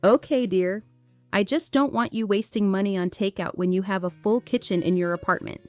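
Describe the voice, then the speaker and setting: A woman's voice: medium pitch, moderate pace, faint music behind, natural voice. A woman reading an audiobook, voicing an overprotective middle-aged mother who nags with worry. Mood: nagging. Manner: worried, nagging.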